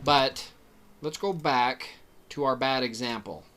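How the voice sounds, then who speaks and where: A man lecturing on public speaking in a slow, explanatory way, often checking in with "okay?" and laughing now and then. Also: medium pitch, a bit bright, a little hiss or hum. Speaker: teacher.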